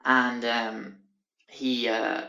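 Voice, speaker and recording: A man's voice: medium pitch, fairly even intonation, very slow, vocal fry, sharp tone, dull audio. A young man in his twenties rambling through a sweary anecdote on his podcast, recorded in a small bathroom on a handheld music player. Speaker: podcast host. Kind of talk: casual anecdote.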